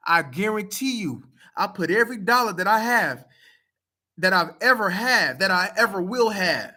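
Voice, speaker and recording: A man talks straight to his audience, blunt and profane. His voice is bright and lively, with pitch that swings widely as he presses each point. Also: normal speed. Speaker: video commenter. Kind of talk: casual talk to camera.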